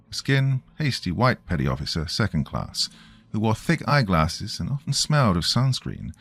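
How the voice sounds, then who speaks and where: A man narrating a scripted story in a dramatic storytelling manner. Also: low voice.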